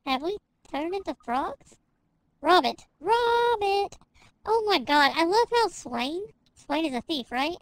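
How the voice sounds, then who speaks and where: A woman's voice: high voice, creaky, no room sound, poor audio. A young woman streaming a game live, giggly and playful as she reads the dialogue aloud.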